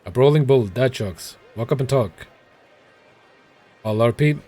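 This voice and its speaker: A man's voice: mid-range voice, unhurried, dark tone, faint music behind. A man casually commenting while streaming a game, wry and profane, muttering asides.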